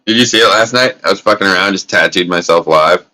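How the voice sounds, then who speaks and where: A man with a low voice and a sharp tone talks at a quick pace while hosting a casual livestream from an indoor grow setup. His talk is loose, profane, and rambling, he coughs now and then from smoking, and the recording is rough.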